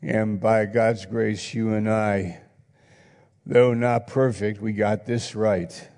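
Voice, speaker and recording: A man's voice: lowish voice, steady tone, takes it slowly, darkish tone. A male pastor preaching a sermon, earnest and reflective, reading scripture aloud in a church hall. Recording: long reverb in a hall.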